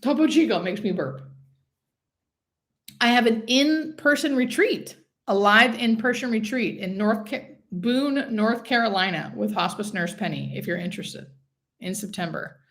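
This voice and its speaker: A woman's voice: on the high side, lively intonation, moderate pace, a bit bright. A woman, a hospice nurse, hosting a casual live stream, chatting and reading out viewer comments.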